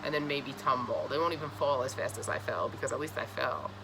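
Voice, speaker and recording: A woman giving a casual astrology reading to camera, blunt, profane and scolding, with an animated delivery. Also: extremely low pitch, a little fast, creaky, background noise. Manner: animated, acts out voices. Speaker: astrology reader.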